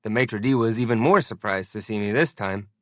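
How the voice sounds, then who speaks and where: A man narrating a first-person audiobook in an expressive, deliberate storytelling manner. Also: fairly low pitch, dry recording.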